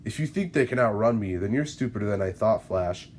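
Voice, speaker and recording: Guy reading as a vengeful speedster villain, kinda low voice, slow menacing lines, faint hiss behind. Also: lively intonation, a little mellow, natural voice.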